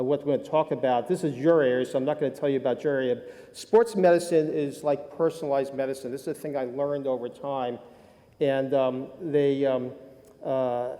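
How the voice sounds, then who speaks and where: An older man speaks at a conference with a mellow, dark tone, wandering through his stories with many ums and uhs. His voice carries a long reverb from the lecture hall around him, and he sounds amused at his own expense. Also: mid-range voice. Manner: rambling, self-deprecating, many fillers. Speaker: conference speaker, sports medicine doctor. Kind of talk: conference talk with anecdotes.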